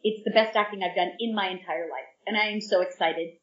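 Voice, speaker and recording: A woman's voice: mid-range voice, fairly even intonation, a little fast, distant mic. A woman in her fifties, a guest actress in an interview, bubbly and eager and rambling on at length. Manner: bubbly and eager, talks in long rambling runs. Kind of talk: casual interview chat. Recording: dull, echoey remote audio from off-mic.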